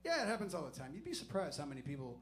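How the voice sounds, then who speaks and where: Comedian doing a shouting cop. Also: male voice, a little high, very fast, background noise, pitched below the performer's own voice. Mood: calm. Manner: shouted commands, then calm and fatherly. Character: male police officer, barking then oddly gentle.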